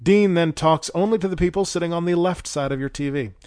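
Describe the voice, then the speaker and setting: A man's voice: on the high side, fairly quick, darkish tone, no echo. A man hosting a podcast, reading a scripted wrestling recap with dry, sarcastic, profane asides. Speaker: podcast host reviewing wrestling shows.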